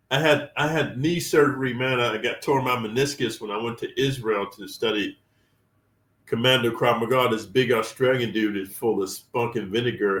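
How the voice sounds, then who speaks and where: A man's voice: medium pitch, a bit bright. Profane emphatic man in an echoey room. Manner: profane, emphatic street talk. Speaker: channel host sharing prison experience. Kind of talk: storytelling rant. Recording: roomy and distant from the mic.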